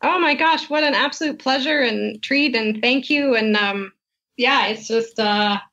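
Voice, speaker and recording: A woman's voice: fairly high pitch, measured pace. A woman guest on a podcast, telling an anecdote with lots of laughter and acting out quoted lines. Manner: animated storyteller, laughs often, acts out quoted lines. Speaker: guest, wine tasting business founder. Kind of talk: casual storytelling interview. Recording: muffled lo-fi podcast audio.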